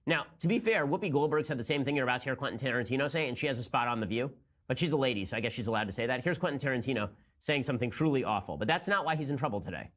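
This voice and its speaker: A man's voice: medium pitch, expressive, rapid-fire, fairly bright tone. A young man hosting a commentary show, talking in a sarcastic, incredulous way as he reacts to clips. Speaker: political commentator host. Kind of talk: rapid-fire sarcastic commentary.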